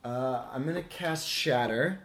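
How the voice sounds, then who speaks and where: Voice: medium pitch, measured pace, slight background noise. A player in a tabletop game who talks casually and methodically counts out steps and dice aloud.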